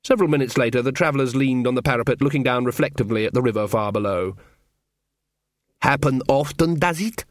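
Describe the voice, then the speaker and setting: A man reading a comic fantasy audiobook as narrator, with dry, even delivery. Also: mid-range voice, racing, few pauses, no room sound. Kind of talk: scripted narration.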